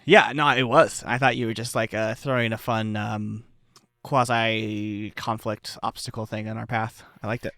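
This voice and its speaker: A man chatting playfully on a podcast, quick to laugh. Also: fairly low pitch, steady tone, gravelly, fairly bright tone, no echo, clean studio sound. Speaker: podcast player. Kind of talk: casual chat.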